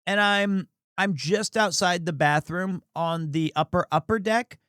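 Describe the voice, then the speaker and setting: A man riffs through casual sports commentary, rambling, crude and quick to mock himself. His voice sits notably high. The sound is dry and close, with no room echo. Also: a bit bright, smooth. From United States. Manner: rambling, crude, self-mocking. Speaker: streamer.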